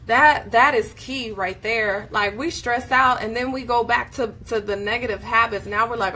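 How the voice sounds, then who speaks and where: A woman hosting a casual motivational book discussion, speaking in an emphatic, animated, preacherly way. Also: a little high, unhurried, hardly any pauses, slight background noise. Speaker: host leading a book discussion.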